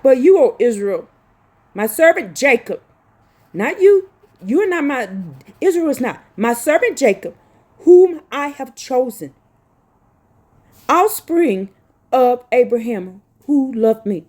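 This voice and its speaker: A woman's voice: high-pitched, very animated, slow pace, pauses often, darkish tone. A woman preaching a fervent, scolding sermon, reading scripture aloud and crying out as she repeats her phrases. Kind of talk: impassioned street-style sermon with scripture reading.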